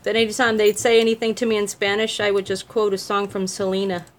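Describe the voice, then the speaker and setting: A woman with a mid-range voice and flat delivery talks fast as she makes jewelry at home. It's a casual livestream where she chats, laughs easily, greets viewers by name and answers their questions, while a dog barks in the background.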